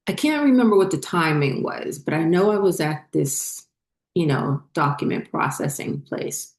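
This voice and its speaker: A woman telling a personal story in a rambling, halting way, full of fillers and restarts, as a spiritual vlogger. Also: deep voice, lively intonation.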